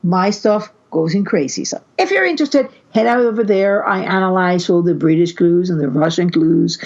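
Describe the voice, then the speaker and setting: A woman's voice: on the low side, animated, normal speed, a little mellow. Theorizing woman podcast co-host, lo-fi audio. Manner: theorizing, restarts a lot. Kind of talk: casual podcast chat. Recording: muffled lo-fi sound.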